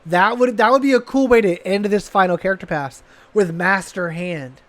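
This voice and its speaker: High-voiced, rambling male podcast co-host. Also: moderate pace, a bit bright. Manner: rambling and enthusiastic, with many restarts. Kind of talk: casual chat.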